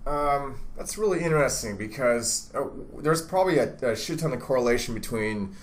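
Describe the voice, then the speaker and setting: A man's voice: mid-range voice, lively intonation, brisk, slight background noise. A man hosting a casual dating advice chat, crude and rambling, full of restarts. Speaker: dating coach host.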